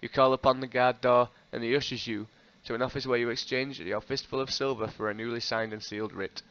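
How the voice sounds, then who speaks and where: A man reading an interactive fiction game aloud, expressive and breaking off with laughing asides. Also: mid-range voice, a little fast. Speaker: host. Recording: dull lo-fi recording.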